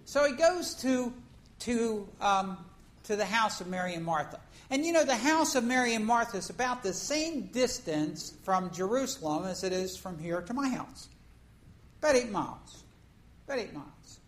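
A woman preacher giving a conversational sermon, telling a story in an animated way and acting out the scenes. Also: medium pitch, moderate pace, rough recording.

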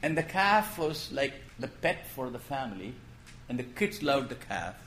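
A man preaching a sermon in a gentle storytelling way, posing questions and then dropping his voice to make a point. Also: mid-range voice, big pitch swings, normal speed, a little hiss or hum. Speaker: pastor.

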